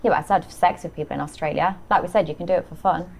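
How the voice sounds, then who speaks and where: A woman's voice: fairly low pitch, fairly even intonation, racing, creaky, a little mellow, a little hiss or hum. A woman guest in a casual interview, speaking frankly and matter-of-factly.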